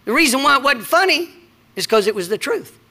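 Preacher guy, high lively voice, bright and forceful, reads scripture and tells stories. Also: a little fast. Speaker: pastor. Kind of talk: sermon.

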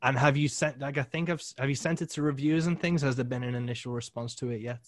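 A man's voice: medium pitch, fast talker, no echo. Guy interviewing a musician on his podcast, laid-back, dry close sound. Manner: relaxed, lots of "like" and short agreements. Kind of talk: casual interview chat.

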